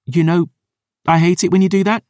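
A stubborn, sharp-tongued teenage girl, put on by a male narrator for an audiobook, her voice lifted well above his natural register. She snaps back with scornful, quick retorts and bristles at being told what to do. The recording is close and dry. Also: sits high, steady tone, dry recording, voice pushed up, close to an everyday voice. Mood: irritated. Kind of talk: audiobook character voice.

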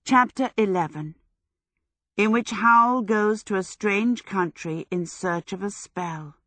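In scripted audiobook narration, a woman with a mid-range voice tells the story evenly and at a measured pace. The recording is dry and studio quality.

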